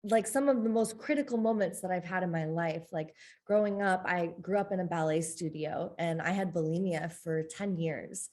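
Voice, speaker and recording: Expressive woman with a lowish voice. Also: normal speed, few pauses. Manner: open, expressive, laughs often. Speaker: podcast guest, coach. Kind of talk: candid conversational interview.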